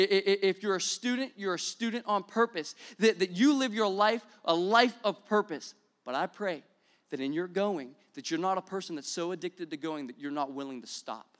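High-voiced, fired-up preacher man. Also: a little fast. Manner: energetic, repetitive, building to exclamations. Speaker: pastor. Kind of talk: sermon.

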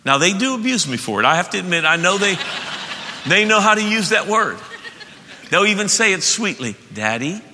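Bright-voiced, emphatic man preaching. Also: sits high, fairly quick, a little hiss or hum. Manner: animated and emphatic, with repeated restarts. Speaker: pastor. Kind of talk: sermon. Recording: echoey hall.

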